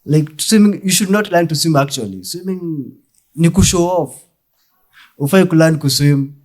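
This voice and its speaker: A young Kenyan man with a Kenyan accent performing a deadpan stand-up comedy set, mixing English and Swahili. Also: on the high side, normal speed.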